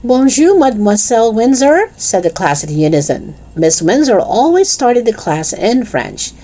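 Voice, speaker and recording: A woman reading a children's chapter book aloud in an expressive, lively storytelling manner. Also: fairly low pitch, unhurried.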